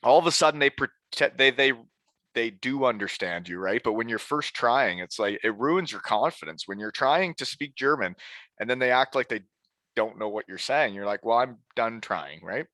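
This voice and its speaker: A man's voice: mid-range voice, lively intonation, moderate pace, sharp tone, dry recording. A man hosting a podcast in casual chat, easygoing and chatty, talking on a close mic. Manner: easygoing, chatty, jokes and puts on mock German phrases. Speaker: podcast host.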